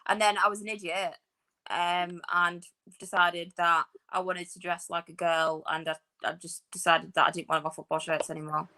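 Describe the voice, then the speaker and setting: Chatty bright-voiced woman. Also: on the low side, flat delivery, normal speed. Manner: chatty, rambling, self-deprecating. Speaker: podcast co-host. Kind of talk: casual chat.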